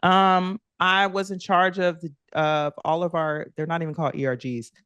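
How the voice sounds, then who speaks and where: A woman in her thirties, a former athlete, telling lively stories as a podcast guest and acting out quoted kids in higher voices. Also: moderate pace, clear, resonant tone, no room sound, dull audio. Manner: animated, acts out quoted kids in higher voices, laughs often. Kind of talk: conversational storytelling interview.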